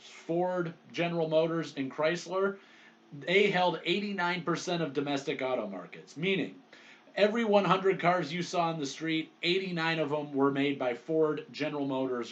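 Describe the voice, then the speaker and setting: A man's voice: fairly high pitch, lively intonation, moderate pace, highs cut off. A man from Detroit giving a recorded history lecture in a blunt, conversational way, with fillers and restarts. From Detroit, United States.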